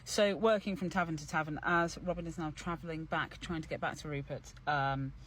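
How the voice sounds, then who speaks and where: A young man, an actor and playwright, talking casually through his character's creation in an animated, chatty way, with many fillers and restarts. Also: a little high, brisk, a little hiss or hum.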